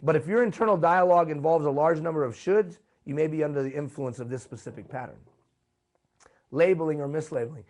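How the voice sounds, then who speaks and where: A man's voice: a little high, normal speed, darkish tone. Emphatic man giving a live workshop. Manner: emphatic, asks the audience rhetorical questions. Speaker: workshop presenter. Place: live event room.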